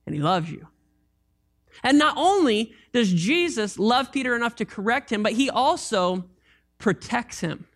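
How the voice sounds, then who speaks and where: Animated, joking male pastor preaching. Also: high-pitched, gravelly. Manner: animated, conversational preaching with humor. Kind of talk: sermon.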